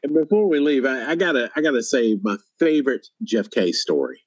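Animated storytelling man on a podcast. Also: medium pitch, fairly quick. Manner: animated storyteller, acts out quotes loudly. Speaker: podcast guest. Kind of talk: casual chat, storytelling.

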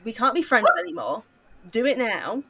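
A woman's voice: fairly high pitch, very animated, normal speed, very noisy. A woman interviewing a film cast in a casual chat, gushing and upbeat with lots of fillers. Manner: bubbly, gushing, many fillers. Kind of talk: casual video-call interview.

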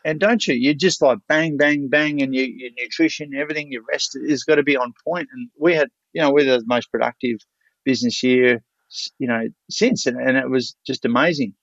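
Swearing, energetic Australian man. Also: medium pitch, a little fast, no room sound. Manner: energetic, profane, full of restarts. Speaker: guest, seminar speaker. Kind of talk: casual storytelling. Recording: dull lo-fi podcast audio.

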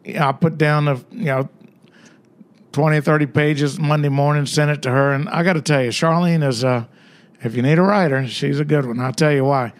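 A man's voice: a little high, fairly even intonation, brisk. An older man, a guest author, telling stories in a rambling, conversational way with many fillers. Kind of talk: casual storytelling interview.

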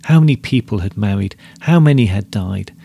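A man narrating a story in a steady, measured reading style. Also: fairly low pitch, vocal fry, slightly rough.

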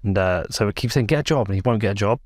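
A man's voice: on the low side, very fast, darkish tone, dry recording, clean studio sound. A middle-aged man hosting a podcast, joking, swearing freely and telling stories in casual banter.

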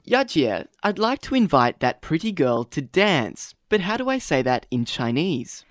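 A man's voice: fairly high pitch, sing-song, a little slow, no room sound, soft background music. A man co-hosting a radio language lesson, playing the curious learner who repeats phrases after the teacher. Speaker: co-host and learner.

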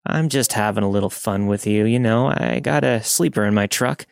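A man doing a sleazy middle-aged trucker with a lazy Southern drawl, low and dry-sounding, pushy in every line. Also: moderate pace, gravelly, clean tone, no room sound. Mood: leering. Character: crude flirty middle-aged male trucker turning nasty.

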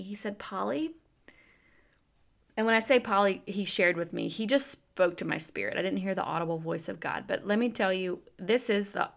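A woman in her thirties, a faith speaker and business owner, telling a chatty personal story full of fillers that turns into an earnest, slow devotional message. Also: medium pitch, vocal fry.

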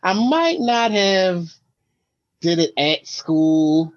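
A woman co-hosting a casual podcast chat as a parent, relaxed and agreeable, trailing off into asides. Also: on the low side, very slow, muffled recording.

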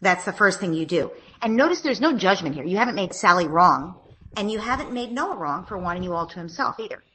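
A woman and parenting author, guest on an interview, explaining steps in a calm, gentle, instructive way. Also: lowish voice, fairly quick, poor audio.

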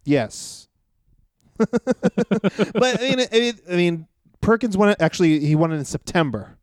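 A man with a somewhat high, smooth voice co-hosts a podcast in casual chat. He talks briskly, steering the conversation along, and the sound is dry and close. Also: animated, dry recording. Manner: brisk, keeps the talk moving, laughs often. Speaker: wrestling podcast co-host.

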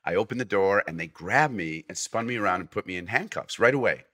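A man's bright, forward voice sits a little low in pitch as he tells a story to a host. He talks in a casual, animated way. He jumps into the voices of the people he describes and trips over restarts as he goes. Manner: animated anecdote, acting out quoted voices; halting, with many restarts. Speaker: podcast guest.

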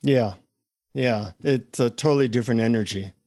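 A man's voice: mid-range voice, moderate pace, a little mellow, no room sound. A man co-hosting a podcast over a video call, explaining ideas in a reflective, conversational way. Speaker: podcast co-host. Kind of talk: casual conversation.

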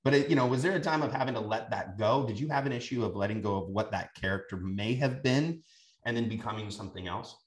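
A man's voice: mid-range voice, fast talker. A man hosting a casual interview, asking rambling questions with restarts. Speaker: podcast host. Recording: roomy echo.

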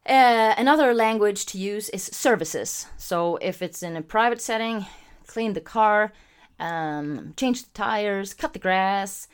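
A woman's voice: mid-range voice, slow, clear, resonant tone. Chatty woman hosting a podcast. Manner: chatty, animated, gives shout-outs to live viewers. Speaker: podcast host. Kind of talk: casual podcast talk. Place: home recording setup, also streaming live.

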